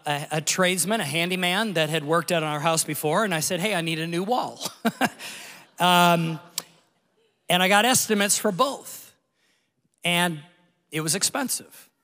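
A man in his forties, a pastor giving a conversational sermon built around a personal story, told in an animated way with the scene acted out. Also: high-pitched, big-room sound. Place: large church hall.

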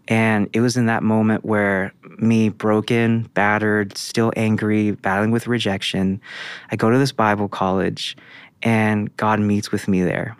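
A man's voice: lowish voice, level tone, unhurried, clean tone, dry recording. A man, a guest prophet, telling his testimony in an interview with earnest storytelling. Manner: earnest storytelling with quoted dialogue.

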